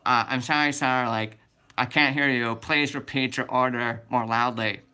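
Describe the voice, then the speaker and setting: A man's voice: mid-range voice, flat delivery, a little fast, pushed and bright, smooth, lightly acted. Strained, polite drive-thru attendant, as a man puts him on. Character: polite fast-food drive-thru worker.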